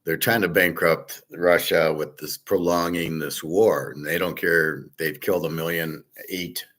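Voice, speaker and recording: On his betting and gold commentary show, the host rants through an indignant, profane opinion piece. His voice is low and fairly bright, with a steady tone and an unhurried pace.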